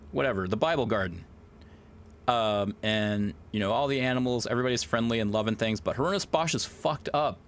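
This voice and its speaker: Man, streamer, casual rambling chat, excitable, profane, mid-range voice, faint background hum. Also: mid-range voice.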